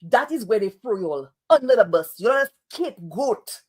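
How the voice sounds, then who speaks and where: A woman's voice: medium pitch, animated, moderate pace, darkish tone. A Saint Lucian woman giving online political commentary in an exasperated, sarcastic, scolding way.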